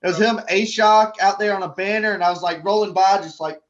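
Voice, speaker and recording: A man's voice: sits high, a little fast, dull audio. A man guest in a casual podcast chat, telling stories animatedly and acting out crowd voices.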